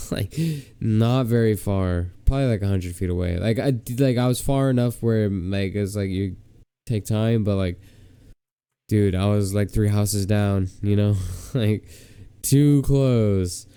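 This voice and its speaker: A man's voice: on the low side, a little slow, dark tone, smooth, no echo. A young man telling a long story on a podcast, rambling and filling it with "like". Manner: rambling, heavy with "like" fillers. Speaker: podcast co-host. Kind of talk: casual storytelling.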